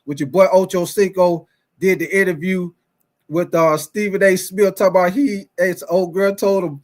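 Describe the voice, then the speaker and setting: High-voiced, chatty sports host. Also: male voice, moderate pace. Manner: animated, laughing often, repeats phrases, reads live chat. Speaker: sports talk show host. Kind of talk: casual chat.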